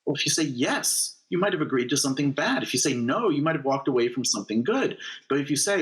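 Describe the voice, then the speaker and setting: Animated man explaining negotiation. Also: medium pitch, fast talker, low-quality recording. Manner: animated, acts out dialogue examples. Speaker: negotiation lecturer and author. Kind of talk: explanatory interview answers.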